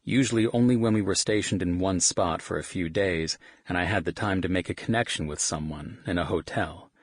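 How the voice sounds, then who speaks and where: A man's voice: low-pitched, fairly quick, slightly rough, dry recording, clean studio sound. A man narrating an audiobook in the first person with a wry, casual delivery. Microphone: studio microphone.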